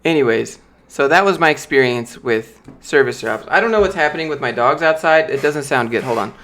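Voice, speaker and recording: A man's voice: medium pitch, a little fast, fairly bright tone. Guy telling stories on a stream. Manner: loose anecdotal storytelling, many fillers. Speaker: streamer answering viewer questions. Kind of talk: casual live-stream chat.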